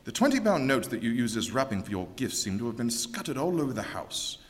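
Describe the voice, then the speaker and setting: An actor playing a calm, commanding male detective who gives brisk orders, in 1940s radio acting style, on a reverberant old broadcast. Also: medium pitch, close to an everyday voice.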